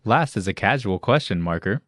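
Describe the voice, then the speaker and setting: A man with a very low voice narrates a language lesson in an even, explanatory tone, introducing each phrase and its parts. His voice is recorded close and dry. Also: a little fast, dry recording. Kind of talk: scripted instructional narration.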